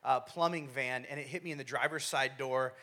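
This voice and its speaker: A man's voice: steady tone, fairly quick, pushed and bright. A young man giving a sermon to a congregation, telling a personal story in a casual, joking way and acting out voices. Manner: casual storytelling, acts out his younger self in a high whiny voice. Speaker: preacher.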